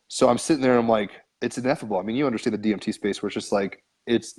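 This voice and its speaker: A podcast guest with a fairly low male voice tells a long personal story in a loose, conversational way. His speech meanders, with frequent "like"s and casual swearing. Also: a little mellow. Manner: rambling, filler-heavy, frequent "like", casual swearing.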